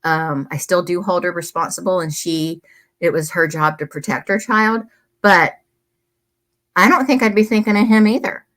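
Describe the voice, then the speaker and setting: A woman's voice: fairly low pitch, moderate pace, fairly bright tone. Blunt angry woman commenting on crime. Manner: angry, blunt, swearing, talks to viewers. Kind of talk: casual commentary reading emails. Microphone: desk microphone close by.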